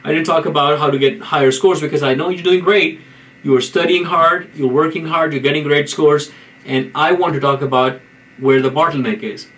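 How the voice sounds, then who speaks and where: A man's voice: a little high, steady tone, a little fast, a bit bright, rough recording. A man, a neurologist, giving earnest, informal career advice in a video lecture and often restarting his phrases.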